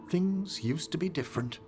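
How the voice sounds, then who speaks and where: A man with a rather high voice performs video game dialogue as an elderly, cultured scholar of necromancy. He is polite and formal, delivering his lines in a measured, wistful manner.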